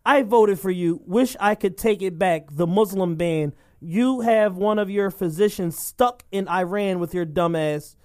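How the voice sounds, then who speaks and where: A man co-hosting a podcast, riffing and joking in an animated, casual way. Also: high voice, unhurried, few pauses. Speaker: podcast co-host. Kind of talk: casual chat.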